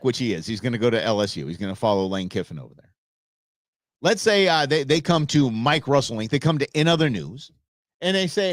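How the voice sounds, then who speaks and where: A man hosting his own show, giving blunt, animated opinion commentary from Arizona. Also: a little high, no room sound, studio quality. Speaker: show host.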